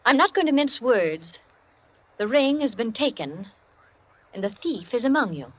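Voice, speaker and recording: A stern rich hostess in an old radio play, firm and clipped, sounds dull and lo-fi. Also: female voice, on the high side, very animated, normal speed. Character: wealthy hostess, commanding and resolute. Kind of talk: 1940s radio drama acting. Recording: muffled lo-fi old radio broadcast.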